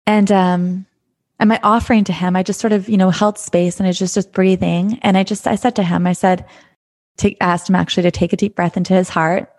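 Speaking as a life coach, a woman delivers a reflective monologue in an earnest, gentle voice that sits on the low side. Her tone stays level and her pace is a little fast, and she loops back on her own phrases, repeating words while thinking aloud.

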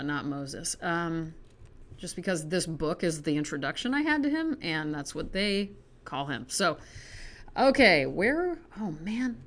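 A woman's voice: lowish voice, a bit bright. An American woman reading poetry aloud at home, chatty and self-deprecating, wandering into asides between poems. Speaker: poetry reader. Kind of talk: casual poetry reading vlog.

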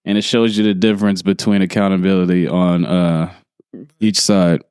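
A man hosting a podcast, telling stories in a relaxed, blunt way. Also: deep voice, normal speed, smooth, dry recording. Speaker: podcast host. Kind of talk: casual chat.

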